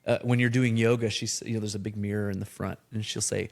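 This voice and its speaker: A man hosting a podcast in casual, animated conversation, sometimes slipping into playful accent impressions. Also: on the low side, fast talker, creaky. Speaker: podcast host.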